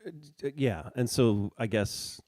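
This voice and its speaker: A man's voice: lowish voice, measured pace, darkish tone, no room sound, clean studio sound. A man co-hosting a casual political chat, rambling and hesitant as he searches for words. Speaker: podcast co-host.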